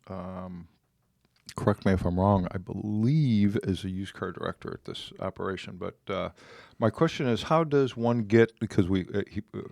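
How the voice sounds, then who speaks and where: A man with a fairly low voice co-hosting a relaxed podcast chat. He talks in an easy, conversational way. The sound is dry and close, with no room echo. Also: gravelly. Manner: conversational, reads listener questions, acts out sales dialogue. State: talking with food in his mouth. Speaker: podcast co-host.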